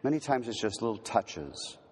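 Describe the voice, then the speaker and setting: A man with a fairly low voice gives a teaching talk on prayer at a reflective, unhurried pace. He eases into softer, slower delivery on the words he wants to land. His voice rings out with a long hall reverb. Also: very animated, husky. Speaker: retreat speaker.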